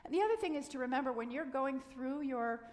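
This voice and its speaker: A middle-aged woman giving a gentle, earnest sermon, sometimes dropping to a soft near-whisper. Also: high-pitched, animated, fast. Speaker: minister. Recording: long hall reverb.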